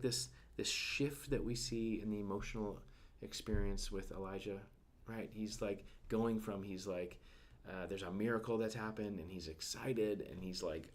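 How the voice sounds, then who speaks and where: In a fairly low voice, a man delivers an informal devotional talk packed with fillers. He frequently turns to question his listeners and sinks almost to a whisper when things get emotional.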